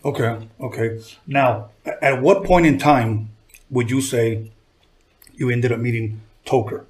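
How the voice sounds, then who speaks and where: A man hosting an interview, asking measured questions with short acknowledgments. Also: mid-range voice. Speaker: interviewer, host. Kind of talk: casual interview.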